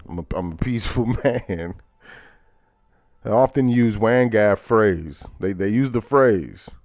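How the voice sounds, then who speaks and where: Low-voiced male host, laughing through headlines. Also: darkish tone, no room sound. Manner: laughs often, reads headlines aloud with asides. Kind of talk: casual current-events commentary.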